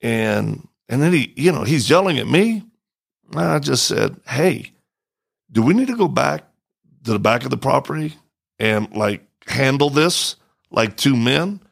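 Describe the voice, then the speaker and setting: A man's voice: mid-range voice, a little slow, gravelly. A middle-aged man hosting a podcast, telling a story and acting out the quoted voices. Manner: animated, acts out quoted voices. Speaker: podcast host. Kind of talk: storytelling in a casual chat.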